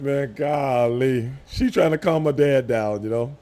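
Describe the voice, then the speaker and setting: A man in his fifties chatting casually on a live stream, telling animated stories with loud voiced outbursts. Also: mid-range voice, a little slow. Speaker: streamer host.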